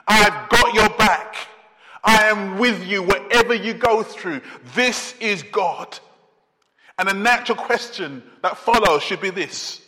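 Slow, emphatic preacher in a reverberant hall. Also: male voice, sits high, pushed and bright. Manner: emphatic preaching with slow, drawn-out pauses and repetition. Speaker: pastor. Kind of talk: sermon. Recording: long reverb of a large hall.

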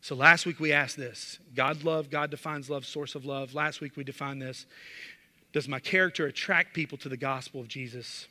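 A man's voice: medium pitch, fairly even intonation, normal speed, sharp tone. Man, pastor, emphatic sermon, rhetorical questions, church, long hall echo. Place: church sanctuary. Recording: long reverb of a large hall.

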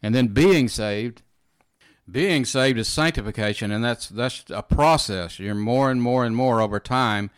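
A man's voice: mid-range voice, unhurried, clear, resonant tone, dry recording. Earnest man teaching scripture, dry sound. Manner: earnest, repeats phrases, frequent "you know" and "amen". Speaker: preacher teaching in a conversation. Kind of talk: informal Bible teaching.

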